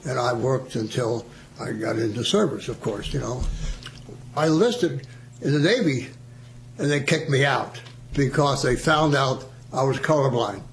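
A man's voice: mid-range voice, a little slow, slight background noise. An older man, a veteran, chatting through his war memories with frequent chuckles. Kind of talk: storytelling oral history.

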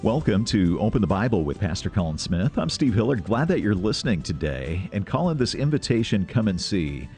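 Deep-voiced friendly radio host. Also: male voice, very animated, a little fast, hardly any pauses, a little mellow, faint music behind. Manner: friendly, conversational. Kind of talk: radio ministry program hosting.

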